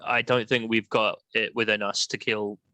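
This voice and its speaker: Cautious male player who doubts every plan. Bright, slightly low voice. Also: level tone, dry recording, rough recording. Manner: skeptical, cautious, measured. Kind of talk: in-character tabletop planning.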